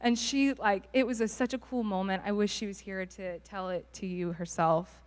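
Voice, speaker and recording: A woman's voice: medium pitch, steady tone, normal speed. A young woman telling a church testimony in a bubbly, laughing storytelling way. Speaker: youth ministry leader. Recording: reverberant hall.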